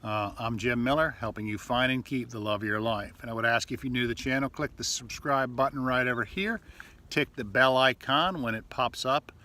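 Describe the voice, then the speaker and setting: Brisk, pushed, and bright, a man of medium pitch offers relationship advice as a coach, speaking casually to camera. His delivery is loose and conversational, full of fillers, and he acts out example texts.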